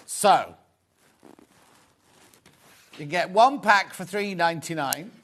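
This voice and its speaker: A man with a fairly high voice hosts a live craft shopping broadcast. He talks briskly and says things twice so viewers catch them. His pitch sits a touch above the usual for a man. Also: animated, a bit bright. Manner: brisk, repeats instructions to viewers. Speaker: shopping channel presenter. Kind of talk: live shopping show chat.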